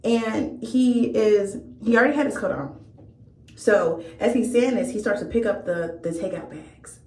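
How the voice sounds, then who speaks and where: A woman's voice: mid-range voice, measured pace, darkish tone. A young woman vlogger telling a storytime tale in a candid, profane, amused way. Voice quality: gravelly vocal fry. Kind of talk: storytime chat. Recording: echoey room.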